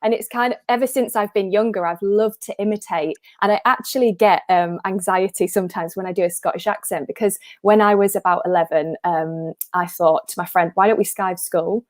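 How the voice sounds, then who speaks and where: A woman's voice: mid-range voice, brisk, few pauses, no room sound. Woman, thirties, chatty storyteller, live-streamed chat, mid-height voice. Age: 30s. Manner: chatty storyteller who slips into the voices of people she quotes. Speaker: impressionist and show guest.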